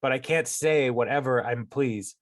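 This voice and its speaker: A man's voice: medium pitch, moderate pace. A man giving a casual Bible study talk, first reading a passage aloud and then explaining it in a chatty way with many fillers and restarts. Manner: conversational, many fillers and restarts, laughs at the story. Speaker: Bible teacher.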